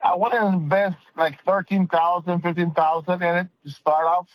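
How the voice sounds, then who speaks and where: A man's voice: sits high, steady tone, normal speed, dry recording, rough recording. A man calling in to a radio show, polite and a little hesitant as he asks his question. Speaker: caller. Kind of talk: phone-in question.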